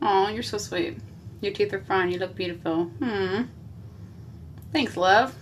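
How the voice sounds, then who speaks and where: A woman's voice: mid-range voice, measured pace, a little hiss or hum. A woman chatting on a live makeup stream from a small basement bathroom, talking into a phone camera and answering viewer comments as she goes. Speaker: makeup livestreamer. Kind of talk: casual live-stream chat.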